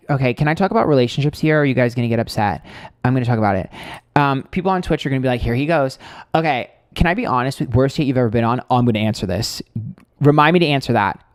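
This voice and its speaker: A man's voice: medium pitch, clear, resonant tone, dry recording, studio quality. A man reading tarot on a live stream, chatting casually, blunt and candid, ranting with swearing and lots of fillers.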